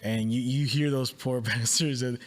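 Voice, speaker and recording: A man's voice: mid-range voice, fairly even intonation, moderate pace. A man hosting a podcast, chatting casually with slang and easy laughter. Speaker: podcast host.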